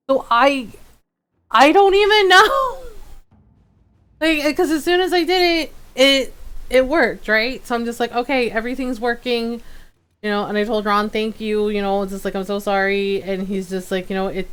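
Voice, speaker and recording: A woman streamer chatting casually while gaming, telling a story with lively quoted outbursts and frequent laughter. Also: mid-range voice, clean tone.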